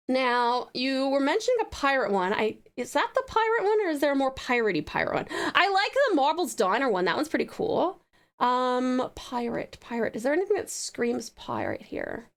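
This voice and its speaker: A woman's voice: high-pitched, big pitch swings, normal speed. A woman streaming live, gushing thanks at her viewers with sweet pet names. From Tasmania, Australia. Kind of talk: live game stream chat.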